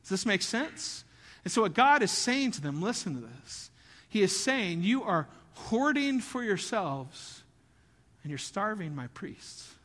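A man's voice: high-pitched, very animated, unhurried, a bit bright, in a large hall. A man preaching a sermon as pastor, conversational and often asking the audience questions.

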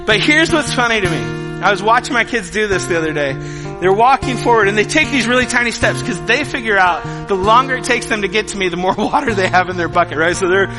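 Middle-aged male pastor, high voice, lively storyteller, preaching in a reverberant hall with guitar behind. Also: fast. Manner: animated storytelling, acts out scenes. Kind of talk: sermon.

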